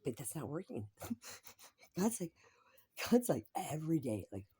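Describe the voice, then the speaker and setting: A woman's voice: deep voice, sing-song, a little slow, warm tone, husky. A woman talking in a rambling personal monologue, repeating herself, swearing freely and sometimes dropping into a whisper.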